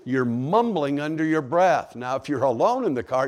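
A man's voice: a little high, very animated, moderate pace, few pauses. A man preaching a sermon to a congregation, asking rhetorical questions as he goes. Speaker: pastor.

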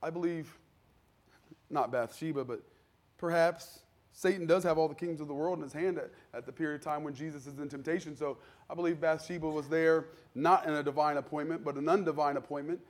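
A man preaching a sermon in a conversational style, acting out the people in his stories and building to loud, fervent peaks. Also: a little high, steady tone, a little fast. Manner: conversational preaching, acts out quoted voices, builds to shouting. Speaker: pastor.

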